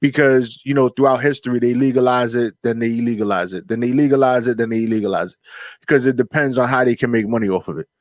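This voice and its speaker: A man's voice: mid-range voice, quick pace, no echo. A man hosting a casual radio talk show, laid-back and preachy, full of street slang.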